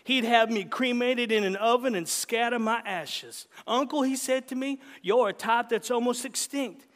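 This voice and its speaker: Man voicing a gravelly old great-uncle, hollering and stern, high-pitched, ringing hall echo. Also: moderate pace, a bit bright. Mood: insistent. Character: gruff, hearty old backwoods great-uncle preacher.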